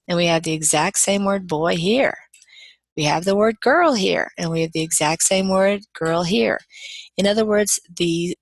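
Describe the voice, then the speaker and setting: A woman lecturer walks through grammar examples in a patient, explanatory way, now and then restarting a phrase. Her voice sits on the low side. The recording is dry, with no room echo.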